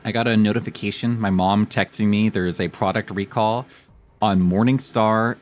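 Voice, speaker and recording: A man's voice: lowish voice, steady tone, normal speed, a little mellow. A male streamer giving chatty, jokey gaming commentary and swearing freely. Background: faint game music.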